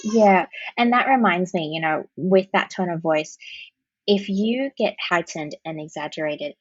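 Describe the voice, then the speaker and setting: A woman guest on a podcast, a counsellor giving practical explanations with sample phrases. Her voice sits low and a little husky. The recording is dry and slightly dull. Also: a little slow, no room sound. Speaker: parent-child counsellor, guest. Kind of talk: podcast interview answers.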